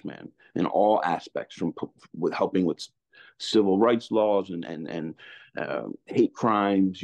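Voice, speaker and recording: A middle-aged man with a deep, low voice talks candidly, circling back and restarting his sentences often. His speech is loose and casual, sprinkled with "man" and "you know what I mean". The recording sounds somewhat dull and lo-fi. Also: a little mellow. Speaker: interview guest. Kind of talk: candid storytelling conversation.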